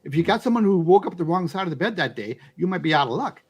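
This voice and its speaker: A man with a fairly high, widely swinging voice talks in a loose, casual chat. He stumbles through restarts and fillers, then lands each point with firm emphasis. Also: lively intonation, quick pace, slightly rough. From United States. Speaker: YouTube channel host.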